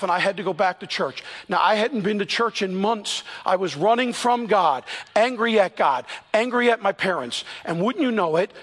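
A pastor in his fifties preaching a sermon in church, telling stories earnestly and shifting between quick and slow, emphatic delivery. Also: high voice, fairly bright tone, slightly rough.

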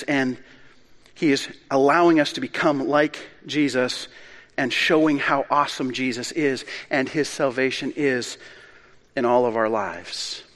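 A male pastor delivers his sermon in earnest, measured phrases. His voice sits a little high for a man. It carries through a large hall with a long ringing reverb. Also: fairly bright tone.

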